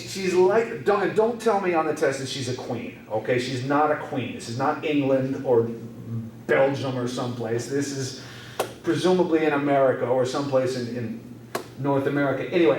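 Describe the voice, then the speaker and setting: A man's voice: mid-range voice, a little mellow, slight background noise. A man teaching an English class, explaining song lyrics in a repetitive way and checking in with rhetorical questions. His voice is recorded in an echoey room from a distant mic.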